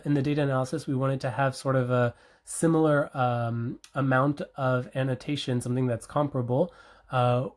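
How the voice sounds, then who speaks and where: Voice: mid-range voice, a little mellow. A researcher giving an academic conference presentation, explaining step by step with frequent fillers and self-corrections.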